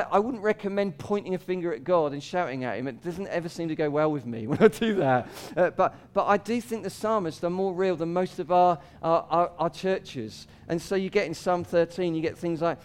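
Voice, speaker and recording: With a clear, resonant tone, a man preaches casually as pastor, laughing between points, lifting his voice for quoted cries and lowering it quietly for scripture. He speaks at normal speed with hardly any pauses.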